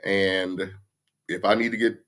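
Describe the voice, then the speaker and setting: A man's voice: low-pitched, level tone, measured pace, fairly bright tone. A man, hosting a casual livestream chat, ranting bluntly with profanity. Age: 50s. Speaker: livestream host. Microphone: computer mic for a livestream.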